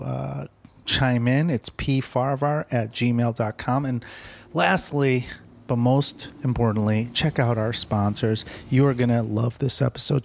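A man's voice: medium pitch, gravelly. A man hosting a casual podcast, chatting loosely with lots of fillers and reading his own plugs. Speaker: podcast host. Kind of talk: casual podcast chat and ad reads. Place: Los Angeles.

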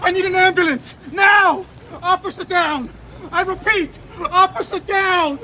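A frantic, hysterical cop who shouts in a very high, strained voice and drags out his words. The film audio carries music and a crowd behind him. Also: fairly even intonation, unhurried, heavily acted, rough recording. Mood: frantic grief. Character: hysterical male cop grieving a horse. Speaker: police officer in a film comedy.

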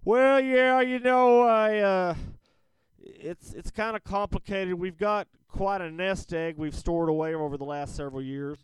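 A man's voice: high-pitched, unhurried, smooth, no echo. A man playing a brash, rambling rich caller going through a divorce, speaking in a put-on Southern drawl with crude, folksy boasting. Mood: boastful. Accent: fake Southern American drawl. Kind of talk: comedic prank call-in sketch.

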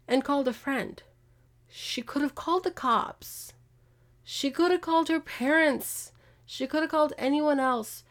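A woman hosting a podcast, casually retelling a true-crime case with animated, exasperated asides. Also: on the high side. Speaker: podcast host.

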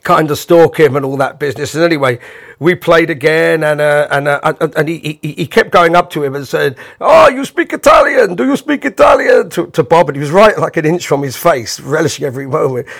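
Gravelly man telling a rambling story. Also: on the high side, a little fast. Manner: rambling, chuckling, animated. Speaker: bandleader telling an anecdote. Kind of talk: casual anecdote storytelling.

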